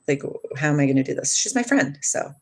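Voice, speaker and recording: A woman's voice: low-pitched, animated, fairly quick, slightly rough. A woman telling a personal story to her live chat, rambling and emotional, swearing, losing her train of thought and starting over.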